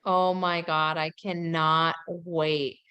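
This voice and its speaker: A woman's voice: low-pitched, little pitch movement, takes it slowly, pushed and bright, clear, resonant tone. A woman hosting a podcast, chatting casually and animatedly about pop culture, with plenty of gossip and giggles. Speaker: podcast host.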